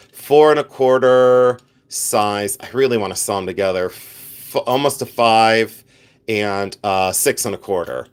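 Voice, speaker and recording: A man hosting a live vintage jewelry sale, chatting casually and rambling as he answers viewers by name, joking at his own expense. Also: medium pitch. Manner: self-mocking with bursts of playful laughter. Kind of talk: casual livestream selling chat.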